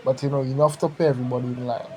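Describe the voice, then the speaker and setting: A man taking part in a bible study, reading verses and hunting for references with halting fillers. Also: mid-range voice, little pitch movement, dark tone, rough recording. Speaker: study participant. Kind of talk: scripture study discussion.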